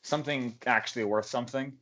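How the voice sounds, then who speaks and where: A man's voice: medium pitch, fairly even intonation, quick pace, a bit bright. A man playing a tabletop game in casual chat, hesitant and full of fillers. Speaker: player.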